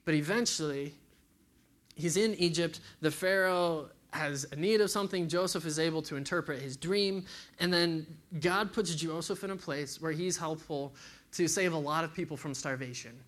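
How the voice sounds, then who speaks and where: A man's voice: on the high side, normal speed, fairly bright tone. A man giving a casual, conversational sermon to a young group, acting out quotes as he tells a story.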